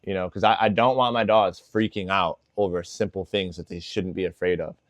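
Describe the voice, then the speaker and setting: A man's voice: deep voice, steady tone, fairly quick, no room sound. A man working as a dog trainer, giving casual instructional tips with lots of "like" and "you know".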